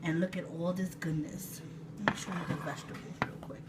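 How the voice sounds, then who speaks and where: A woman from Puerto Rico in her thirties, an excitable, chatty cooking-channel host with sudden loud exclamations and laughter, talking casually in her home kitchen. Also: lowish voice, fairly quick. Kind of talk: casual cooking vlog chat. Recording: distant mic with room noise.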